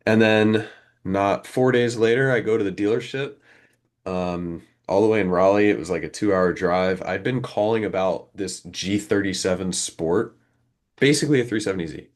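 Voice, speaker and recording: Speaking at a normal speed in a low voice, this twenty-something podcast co-host spins a lengthy story on a casual show. He animatedly performs each side of the conversations he recounts.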